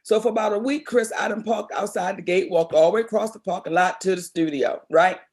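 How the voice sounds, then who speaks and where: A woman's voice: mid-range voice, fairly quick. A middle-aged woman from Baltimore, a comedian and actress, telling stories expressively in an interview. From Baltimore, Maryland. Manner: expressive, animated storyteller, calls people baby. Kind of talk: storytelling interview.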